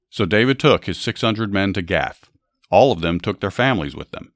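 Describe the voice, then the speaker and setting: Deep-voiced man narrating Bible stories. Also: lively intonation, normal speed, no echo, clean studio sound. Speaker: podcast host. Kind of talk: Bible story narration with commentary.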